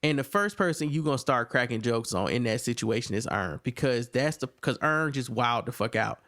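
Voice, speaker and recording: A man recaps a TV episode in a loose, casual podcast chat. He has a mid-range voice that jumps much higher when he quotes the characters. His talk stays rambling and animated, full of restarts. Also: moderate pace. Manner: animated retelling, acts out characters' lines in a raised voice. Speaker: podcast co-host reviewing a TV episode.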